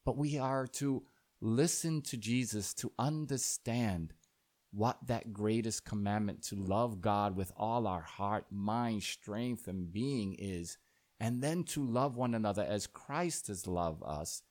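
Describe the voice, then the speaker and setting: Slow, low-voiced preaching priest. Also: male voice, darkish tone. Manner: slow, deliberate preaching with dramatic rises in a told parable. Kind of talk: sermon.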